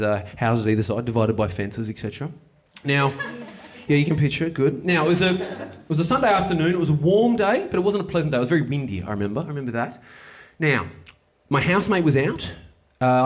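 A man performing a live stand-up set, telling a rambling story and checking in with the audience. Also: medium pitch. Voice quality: rambling, conversational, checks in with the crowd. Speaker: stand-up comedian.

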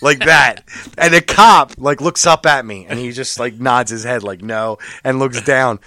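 A man's voice: moderate pace, no room sound, clean studio sound. Profane man telling a road story. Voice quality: gets loud and high when quoting other drivers.

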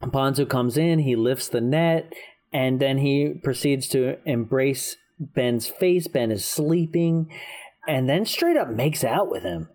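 A podcast co-host walks through a film plot in an unhurried, drawn-out delivery at an ordinary middle pitch. The talk is casual and comedic, broken by frequent laughs and stop-start restarts full of fillers. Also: lively intonation, a little mellow.

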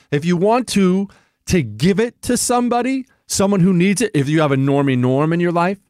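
A man's voice: fairly high pitch, dry recording, clean studio sound. A man hosting a political talk radio show, delivering a fiery, emphatic monologue that shifts into mocking put-on voices.

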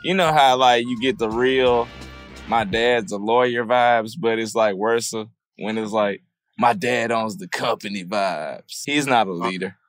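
A man's voice: fairly low pitch, steady tone, a little slow, no echo, soft background music. Laid-back man chatting on a podcast. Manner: laid-back, lots of swearing and laughter. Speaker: podcast co-host. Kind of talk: casual chat.

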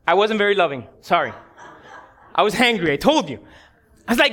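A man's voice: high voice, very animated, a little fast, long pauses, a bit bright. A pastor preaching a sermon, telling a personal story with candid humor and speaking directly to his congregation. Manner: direct, talks straight to the congregation.

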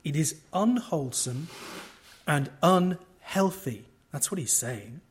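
A man preaching an expository sermon at a conference, emphatic, with wide swings in loudness and wry asides to the audience. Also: a little high, expressive, slow pace, husky.

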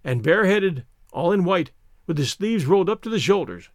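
A man narrates a story in a measured, expressive reading voice. His pitch sits high and moves freely, and the recording is close and dry with no room sound. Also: dry recording.

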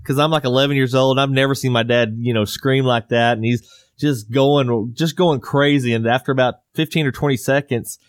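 A man's voice: medium pitch, steady tone, fairly quick, clean tone, dry recording. Middle-aged male host, rambling, a few laughs, dry close mic. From Southwest US. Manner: rambling storyteller, laughs often. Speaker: podcast host. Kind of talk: casual chat.

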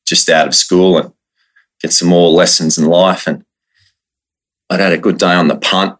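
Man, Australian accent, very low voice, husky, casual storytelling guest. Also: moderate pace. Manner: lively yarn-spinner, frequent restarts.

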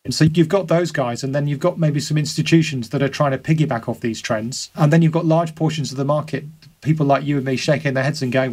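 A man's voice: on the high side, quick pace, a little mellow. A man as a podcast guest, talking things through in a loose conversational way, often restarting and repeating words as he thinks. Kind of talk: conversational interview.

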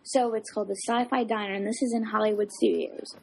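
A woman co-hosting a casual chat, rambling through stories with lots of fillers and animated asides. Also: mid-range voice, quick pace, creaky, a little hiss or hum.

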